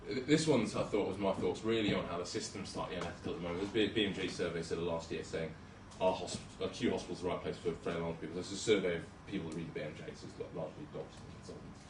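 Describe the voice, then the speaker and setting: A young man with a low voice talks casually and self-deprecatingly about his work, with plenty of ums and restarts. He is heard from some distance, in an echoey hall with a little room noise behind him. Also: very fast, hardly any pauses. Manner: chatty, self-deprecating, hesitant with many ums. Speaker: junior doctor giving a talk. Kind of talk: casual presentation with slides. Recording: roomy hall, speaker far from mic.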